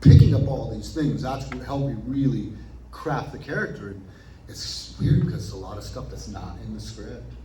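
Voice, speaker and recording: A man talks as an interview guest, his voice mellow and dark in tone. He tells stories animatedly, acting out his own past thoughts in quick asides. The recording sounds distant and heavily roomy, with faint ambience behind him. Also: medium pitch, slight background noise. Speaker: actor guest. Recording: roomy echo, picked up from a distance.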